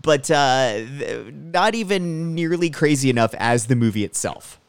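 A man's voice: medium pitch, expressive, unhurried, creaky, clean tone, dry recording. Chatty man on a dry, close mic. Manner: chatty, leans on "like" and restarts. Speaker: podcast co-host. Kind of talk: casual chat.

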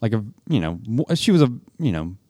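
A man with a fairly low voice, chatting loosely on a podcast. He hesitates, restarts and trails off while searching for words. The sound is dry and close to the mic. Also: sing-song, a little fast, dark tone, dry recording. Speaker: podcast co-host. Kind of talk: casual chat.

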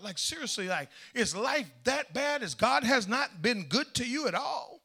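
High, bright-voiced man preaching emphatically. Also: very animated, moderate pace, gravelly, few pauses, husky. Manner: emphatic call-and-response preaching, swinging from shouts to hushed asides. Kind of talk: sermon.

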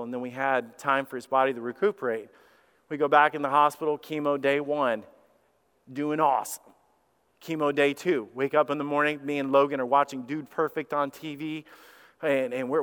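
A man's voice: on the high side, smooth. A middle-aged man preaching as a pastor, telling a story and acting out the voices of the people in it, with frequent repeated words. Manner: animated, acts out quoted voices, repeats words. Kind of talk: sermon storytelling. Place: church sanctuary. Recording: long hall reverb.

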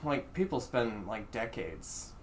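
A stand-up comedian chatting casually, halting and full of fillers as they search for words. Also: mid-range voice, expressive, over a noisy crowd. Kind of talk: casual chat.

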